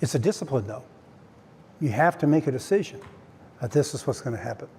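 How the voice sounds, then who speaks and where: A man's voice: medium pitch, animated, brisk, dark tone. A man preaching a conversational sermon to his church, with frequent stammered restarts. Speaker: pastor. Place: church sanctuary. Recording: long hall reverb, faint noise.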